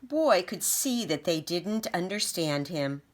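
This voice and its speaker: Slow, lively woman reading a storybook. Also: on the low side, slight background noise. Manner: expressive, with spoken sound effects. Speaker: storybook reader. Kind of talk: reading a picture book aloud.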